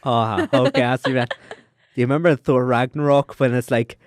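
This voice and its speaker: A man with an Irish accent co-hosting a podcast, spinning an improvised story with lots of swearing, laughter and quick put-on voices for the characters. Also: steady tone, no echo, clean studio sound. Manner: swearing, laughing, acting out quotes in high silly voices. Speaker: podcast co-host. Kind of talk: casual chat, improvised storytelling.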